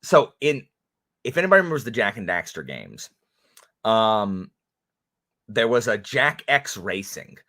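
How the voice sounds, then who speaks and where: A man co-hosting a livestream in easy, rambling chat, full of restarts and quick laughs. His voice is bright and forward, and his pitch leaps around as he talks. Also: big pitch swings. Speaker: co-host of a book channel livestream.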